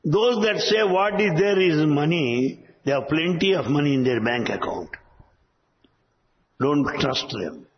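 A man's voice: a little high, moderate pace, few pauses. A man giving a spoken talk as a spiritual teacher, emphatic and full of rhetorical questions. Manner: emphatic, rhetorical questions, acts out quoted voices. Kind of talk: spoken talk on yoga and Tantra. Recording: dull lo-fi recording with long reverb.

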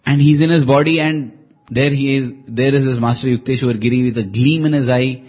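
Husky earnest man telling a devotional story. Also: mid-range voice, fairly even intonation, a little fast, highs cut off, faint music behind. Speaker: devotional speaker.

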